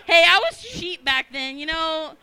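A woman's voice: very high-pitched, measured pace, over a noisy crowd. A woman in her twenties from Texas with a Texan accent, a guest telling a loose, profane, rambling story on stage at a live show. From Texas, USA. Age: 20s. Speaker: audience guest.

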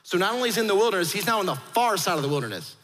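A male pastor delivers an animated sermon in a high voice, carried by the long reverb of a large hall. He slips into voices for the people in his story as he preaches. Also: racing. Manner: animated, acts out quoted voices.

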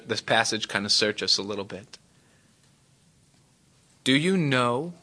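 A man preaching a sermon to a congregation, acting out the people in the story with dramatic swings in his voice. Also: sharp tone. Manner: dramatic, acts out quoted voices with big pitch jumps. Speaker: pastor.

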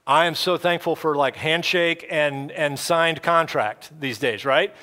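Male pastor, sermon delivery, slightly high and bright, relaxed conversational preaching. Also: unhurried. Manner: casual, conversational preaching with playful quoted voices. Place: church.

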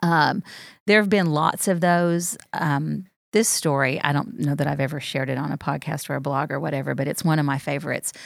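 A woman pastor tells heartfelt personal stories in a casual podcast chat and grows animated when moved. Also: deep voice, a little fast, vocal fry, no echo, studio quality.

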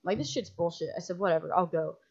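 Lively woman telling a profane story, muffled. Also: on the low side, racing, husky. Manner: animated, profane, full of "like" fillers, acts out others' lines. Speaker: film director and writer, podcast guest. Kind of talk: casual storytelling in a podcast chat. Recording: muffled lo-fi audio.

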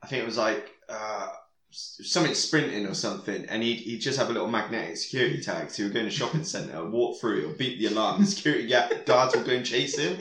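A man's voice: on the low side, expressive, quick pace, fairly bright tone, roomy sound. A man co-hosting a podcast in casual chat, crude and laughing as he retells comedy sketches. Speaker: podcast co-host.

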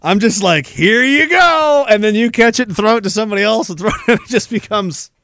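A man hosting a solo rant show, swearing, laughing and lurching between shouted outbursts and low mumbles. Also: fast talker, no room sound, studio quality. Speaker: podcast host. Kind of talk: ranting solo monologue.

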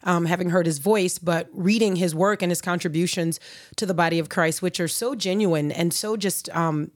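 A woman hosting a podcast, chatty and bubbly and quick to laugh. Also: fairly low pitch. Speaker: podcast host. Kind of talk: podcast interview.

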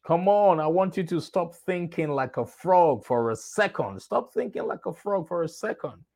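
A man voicing a cunning male scorpion in a told fable, coaxing smoothly and persuasively. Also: a little high, animated, moderate pace, darkish tone, voice pushed up.

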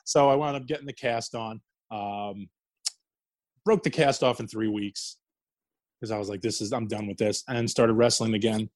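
A man's voice: lowish voice, steady tone, moderate pace, darkish tone, dry recording. A man telling wrestling stories in a casual interview, swearing freely and laughing as he goes. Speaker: guest, former wrestler.

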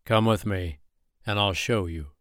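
A man voicing a calm, mysterious jungle man who speaks in short, cryptic phrases. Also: on the low side, a little slow, no echo, clean studio sound. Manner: terse and cryptic.

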